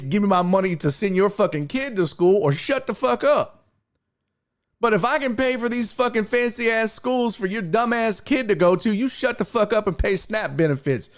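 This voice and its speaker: A man hosting a live sports talk stream, ranting angrily and cursing, swinging between near-shouts and low mutters.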